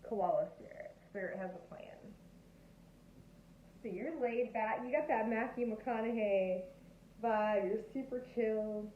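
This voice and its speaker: A woman's voice: a little high, measured pace. A woman giving a casual tarot reading, bubbly, laughing often and acting out quoted reactions. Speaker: tarot reader. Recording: echoey, tinny phone-like sound with faint noise.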